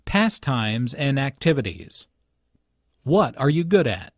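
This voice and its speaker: A man of middling pitch explains pronunciation points slowly and deliberately. His intonation is lively, and he leans on stressed words, recorded dry and close in a studio. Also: dry recording. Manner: slow, deliberate, clearly enunciated. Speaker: lesson narrator and dialogue reader. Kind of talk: scripted language-lesson narration.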